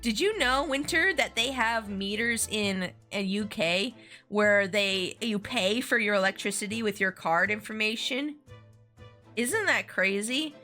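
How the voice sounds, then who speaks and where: A woman's voice: medium pitch, unhurried, pushed and bright. A woman streaming a game, chatting casually and giggling between asides. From United States. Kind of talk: casual let's-play commentary. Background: faint game music.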